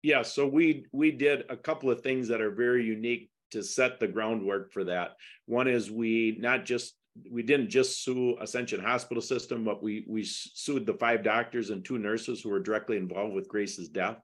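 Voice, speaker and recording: A man's voice: on the low side, steady tone, moderate pace. Emphatic middle-aged man in interview. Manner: emphatic, rising to indignant questions. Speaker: podcast guest discussing a lawsuit. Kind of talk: casual interview talk.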